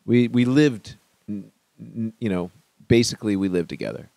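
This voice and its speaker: A man's voice: fairly low pitch, normal speed, vocal fry, dark tone, dry recording. A man guesting on a podcast, chatting casually, joking and laughing often. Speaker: musician guest.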